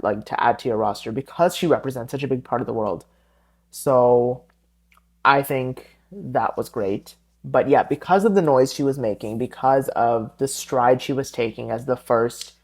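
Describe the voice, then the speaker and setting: A man hosting his own podcast alone, chatting casually and going off on tangents, often correcting himself mid-sentence. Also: medium pitch. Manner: rambling, tangent-prone, self-correcting. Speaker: podcast host. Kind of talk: solo podcast chat.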